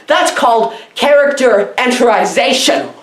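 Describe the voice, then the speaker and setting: A woman rambling through a silly comedic movie review. Her voice sits a little high, she keeps circling back to the same catchphrases with mock-serious confidence, and the room around her rings with echo. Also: animated, unhurried. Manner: rambling, repeats "what? what?" and "y'all".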